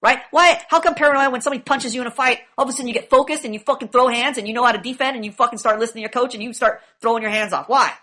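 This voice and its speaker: Woman instructor, bright and forceful, swears freely, pushes the class with rapid questions. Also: a little high. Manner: profane, emphatic, rapid rhetorical questioning. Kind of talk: classroom lecture.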